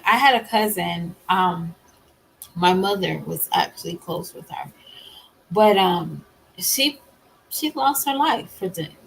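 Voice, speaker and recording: Slow-talking husky woman. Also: medium pitch, fairly bright tone, rough recording. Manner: emphatic and blunt, with repeated refusals; conversational with many fillers. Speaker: vlogger. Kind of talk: candid talk to camera.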